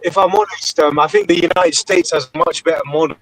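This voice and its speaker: Swearing southern English man, slightly high voice. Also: fast, low-quality recording. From Britain. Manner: swearing, laughing, relaxed and chatty. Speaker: participant in open discussion. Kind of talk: casual chat on a live voice call.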